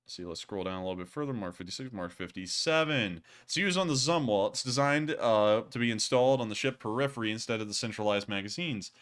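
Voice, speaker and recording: A man's voice: fairly low pitch, fast, hardly any pauses, a bit bright. A man hosting a casual livestream, answering viewer comments in a rambling way with lots of fillers and chuckles. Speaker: livestream host.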